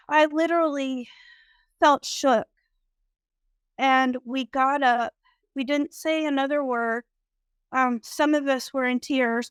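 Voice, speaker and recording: Slow, clear-voiced woman telling her story. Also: sits high, a bit bright, no echo. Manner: slow, reflective, with frequent "um" pauses. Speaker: guest sharing a spiritual experience. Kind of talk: personal storytelling.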